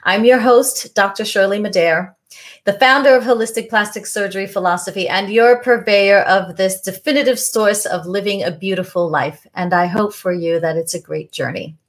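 A woman hosting a podcast, reading a measured intro and then interviewing a guest. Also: medium pitch. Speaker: podcast host.

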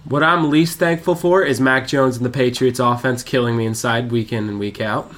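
A man hosting a casual sports podcast, playful and quick to laugh. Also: mid-range voice, fairly even intonation, fairly bright tone. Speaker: podcast host.

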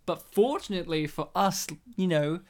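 A woman's voice: lowish voice, lively intonation, normal speed. A woman co-hosting a casual movie commentary chat, playful and joking, laughing often. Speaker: podcast co-host.

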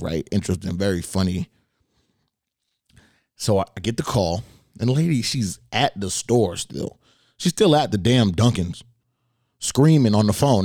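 A relaxed, low-voiced man hosting a podcast, spinning a story in a loose, wry way with plenty of casual swearing. His voice sits close and dry, with no room sound around it. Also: brisk, dry recording. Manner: laid-back, profane and wry. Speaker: podcast host.

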